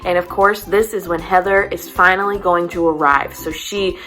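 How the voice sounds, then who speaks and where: A woman hosting a casual, chatty recap of a reality dating show, animated and self-deprecating. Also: on the low side, moderate pace, soft background music. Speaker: host.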